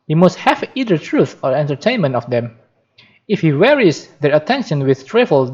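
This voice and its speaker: A man with a fairly high voice reads a book aloud for practice, his pitch rising and falling in lively swings. He goes carefully, often stopping to restart and correct a word. The recording sounds dull and lo-fi. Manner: careful reading with frequent restarts and self-corrections. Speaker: reader practicing reading aloud.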